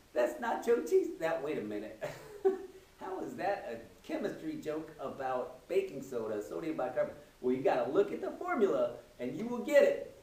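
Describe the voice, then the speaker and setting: Animated man laughing at his own jokes. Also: sits high, roomy sound, distant mic, low-quality recording. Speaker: teacher doing stand-up. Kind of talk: comedy routine telling jokes.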